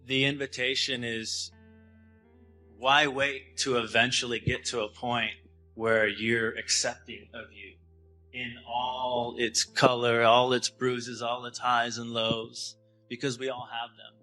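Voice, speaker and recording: A man in his thirties giving a spiritual talk in a gentle, halting way, often restarting his sentences. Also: medium pitch, flat delivery, soft background music, rough recording. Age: 30s. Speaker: spiritual speaker.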